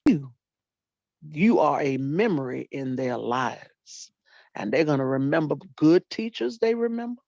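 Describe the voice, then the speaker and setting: Older lady telling animated school stories, gravelly voice, dull dry lo-fi sound. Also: low-pitched, unhurried, no echo. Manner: animated storyteller, acts out quotes, folksy Southern phrasing. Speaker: retired teacher and librarian. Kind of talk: storytelling in casual talk.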